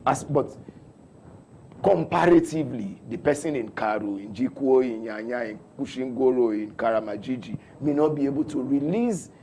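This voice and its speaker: A middle-aged Nigerian man with a Nigerian English accent, a company spokesman explaining policy in a measured radio interview. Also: mid-range voice, dark tone, a little hiss or hum. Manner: measured, explanatory, many restarts. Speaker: head of corporate communications, studio guest.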